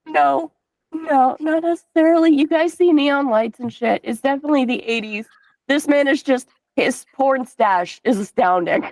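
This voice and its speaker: Woman, game master, casual and profane, higher pitch, dry sound. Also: normal speed, darkish tone, no room sound. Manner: casual, swears, hesitant fillers. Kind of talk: narrating a tabletop game.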